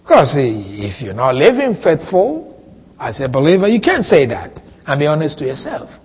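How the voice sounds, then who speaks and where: A male pastor preaches in a high, lively voice that swoops up and down as he leans on repeated phrases for emphasis. His tone is husky, and a long hall reverb trails behind each line. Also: moderate pace. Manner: expressive, swooping delivery with emphatic repetitions. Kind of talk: sermon.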